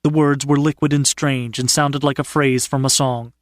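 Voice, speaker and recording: A man narrating an audiobook in a measured, steady storytelling manner. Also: mid-range voice, dry recording, studio quality. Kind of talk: scripted narration.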